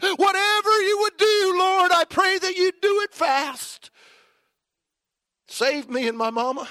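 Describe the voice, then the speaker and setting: A preacher acting out a desperate teenage boy praying aloud, pleading and rising to loud cries. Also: very high voice, no echo, clean studio sound, voice pushed up, exaggerated voice.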